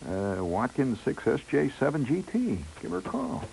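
A man's voice: mid-range voice, moderate pace, gravelly, a little hiss or hum, pitched above the performer's own voice, low-quality recording. A man voicing an eager, chummy young man who keeps coaxing his friend. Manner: excited, coaxing.

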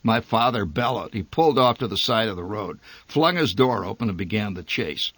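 A man reading a humorous memoir story aloud, with a wry, dry and lively delivery. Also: lowish voice, moderate pace, husky, no echo. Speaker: narrator.

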